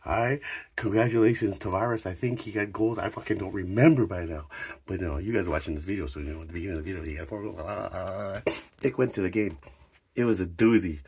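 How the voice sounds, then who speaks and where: A man hosting a sports vlog outro, rowdy, profane and hyped, rambling between shouts. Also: sits low, quick pace, breathy edge, no room sound. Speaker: vlog host.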